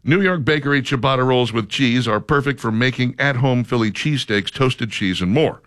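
A man's voice: mid-range voice, moderate pace, a bit bright, no room sound. A man hosting a casual radio chat, reading a list aloud with dry, sarcastic commentary. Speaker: radio show host.

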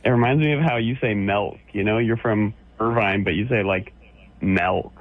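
Joking caller on a tinny phone line. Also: male voice, lowish voice, brisk. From Orange County, California. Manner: ribbing, laughing, rambling. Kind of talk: joking call-in banter.

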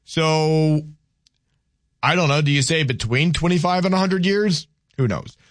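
A man's voice: a little high, measured pace, no echo, clean studio sound. A Southern American man hosting a call-in radio talk show, talking with many restarts and repeated words, and arguing firmly with callers.

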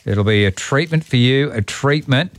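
A man's voice: mid-range voice, moderate pace, no room sound. An Australian man hosts talkback radio from a studio, bantering with callers in an easygoing, matey way. His voice sits in a middle range and sounds close and dry. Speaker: radio host. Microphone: studio microphone.

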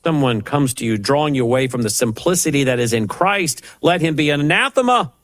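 At a computer typing up passages, an impassioned man teaches the Bible verse by verse, throwing out rhetorical questions and mocking asides before rising to emphatic preaching on scripture. His expressive, fairly quick voice sits a little higher than most men's. The sound is close and dry, with no room around it.

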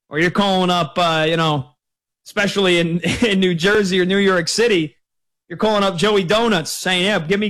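Male sports radio host, slightly higher voice, relaxed conversational delivery. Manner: conversational, chatty. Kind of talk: sports radio call-in talk.

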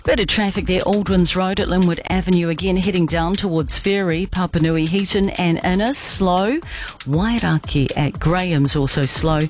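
A man with a New Zealand accent giving a quick radio traffic report, listing roads. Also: high-pitched, faint music behind.

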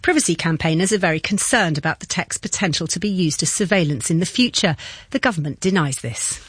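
A woman reads a scripted news report with a lively, rising-and-falling delivery. Her voice is a touch breathy, and the sound is dry. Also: on the low side, fast talker, no echo. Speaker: technology editor, reporter.

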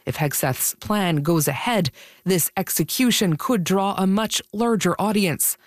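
Woman, news correspondent, crisp formal voice-over, dry sound. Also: mid-range voice, a little slow, no room sound. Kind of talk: scripted news report.

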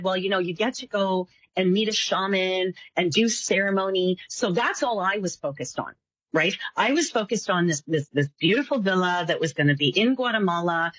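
A woman tells her story with lots of movement in her pitch, slipping into the voices of the people she quotes. Her voice has a slightly husky grain. The recording is dry and close. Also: normal speed, no room sound, rough recording. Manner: animated, acts out voices in her stories. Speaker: psychic guest. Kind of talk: casual storytelling interview.

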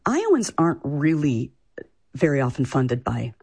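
A woman's voice: rumbling low, big pitch swings, unhurried, creaky, a little mellow, slightly rough. A woman from Iowa, a food writer, answering interview questions in a chatty way with many fillers. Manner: chatty, lots of "you know" fillers.

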